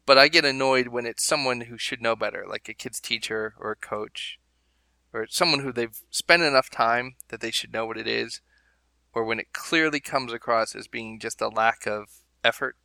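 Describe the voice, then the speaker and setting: A man talks through a loose, rambling podcast chat with amused asides. His voice is very bright and forward, recorded completely dry with no room sound, at an ordinary pitch. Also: normal speed, gravelly, dry recording. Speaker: podcast co-host. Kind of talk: casual chat.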